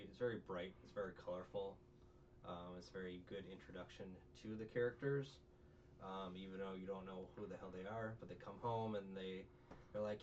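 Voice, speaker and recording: A man's voice: on the low side, darkish tone. A man in a casual chat, recapping a show with a rambling, joking manner and lots of fillers. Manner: rambling, jokey, full of fillers and quoted voices. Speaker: podcast co-host recapping a show. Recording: dull, distant, faint noise.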